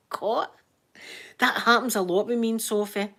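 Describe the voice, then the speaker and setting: Woman, Scottish accent, middle pitch, casual live chat, gossipy storyteller, laughs often, mimics quoted voices. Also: big pitch swings, moderate pace, long pauses, bright, forceful tone. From Scotland. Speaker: livestream host chatting to viewers.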